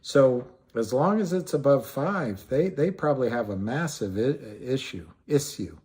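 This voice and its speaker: A man hosts a casual livestream in a medium-pitched, husky, darkish voice, animated yet unhurried. He rambles with frequent restarts and thoughts that trail off, greeting viewers by name as he answers them.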